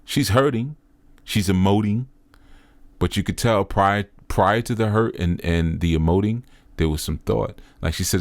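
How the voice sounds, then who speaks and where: A man's voice: low-pitched, fairly even intonation, normal speed, a little mellow, no echo. A middle-aged man giving earnest, preacher-like commentary, repeating phrases for emphasis. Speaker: spiritual teacher commenting on a video. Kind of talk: reflective commentary monologue.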